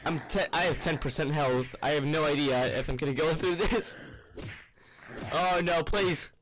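A man's voice: on the high side, fairly quick, a little hiss or hum. Goofy young man narrating a game. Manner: goofy, rambling, shrieks in panic. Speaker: gaming YouTuber. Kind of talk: let's play commentary.

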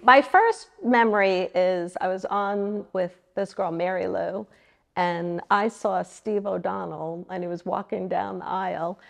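Middle-aged long island woman, bit of fry in her voice, chatty, pokes fun at herself. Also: medium pitch, fairly even intonation, measured pace. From Long Island, New York. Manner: chatty, self-deprecating storyteller. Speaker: interview guest. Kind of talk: casual reminiscing interview.

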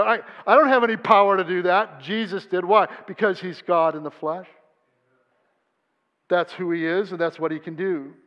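A man preaching a sermon as pastor, earnest, acting out the voices he quotes. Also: fairly high pitch. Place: church sanctuary. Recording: dull sound in a reverberant church hall.

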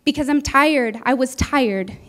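A woman with a high, light voice preaches a Sunday sermon. She talks earnestly and personally, slipping into what she said at the time as she tells the story to her church. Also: unhurried, a bit bright. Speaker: guest preacher. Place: church sanctuary.

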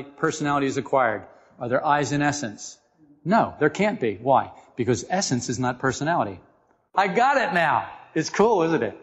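A man giving an informal spiritual talk to a group, animated and joking, often asking his listeners questions. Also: fairly high pitch. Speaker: esoteric teacher. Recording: dull lo-fi recording in a reverberant room.

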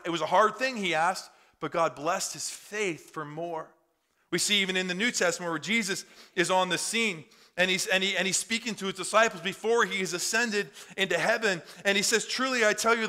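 Man, pastor, high and bright voice, fervent conversational sermon in church. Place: church in front of a congregation.

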